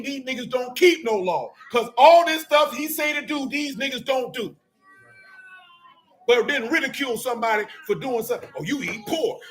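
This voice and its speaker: A middle-aged man preaching a fiery sermon in street slang, scolding and sometimes shouting. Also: very high-pitched.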